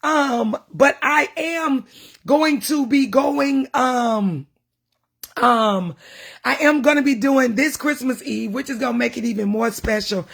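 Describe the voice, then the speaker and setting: Woman minister, casual livestream talk, gravelly and husky, emotional preaching. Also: high-pitched, slow pace, a bit bright.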